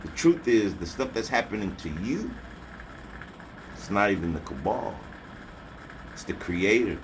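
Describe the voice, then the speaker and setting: A man preaching a forceful rant, scolding and taunting whoever is listening. His pitch swings widely as he hammers the same slogans again and again. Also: noisy background. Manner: repeats slogans, mocking laughter. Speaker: spiritual vlogger.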